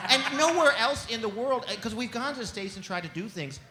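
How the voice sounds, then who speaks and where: Man, comedian panelist, high bright voice, lively storytelling, echoey room. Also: brisk, few pauses, noisy background. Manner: energetic, laughing, acts out voices. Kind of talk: animated storytelling with impressions. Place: panel on a stage before an audience.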